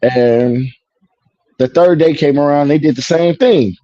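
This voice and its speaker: A mellow man from Chicago tells his story in casual conversation, his voice a little high and unhurried. He's animated, mimicking people in quotes and using streetwise slang, and the dry recording sounds like dull lo-fi broadcast audio.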